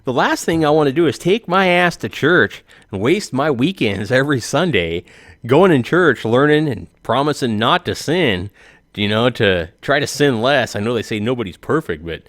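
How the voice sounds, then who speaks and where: A man's voice: medium pitch, animated, moderate pace, no room sound, clean studio sound. A man in his forties, a YouTuber giving a rambling comedic monologue and laughing at his own jokes. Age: 40s.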